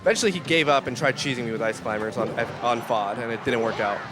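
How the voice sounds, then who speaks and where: A man's voice: mid-range voice, fast, music in the background. A man co-commentating a fighting game tournament, telling stories in a loose, profane way. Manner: profane, storytelling, loud impressions. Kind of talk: casual esports commentary.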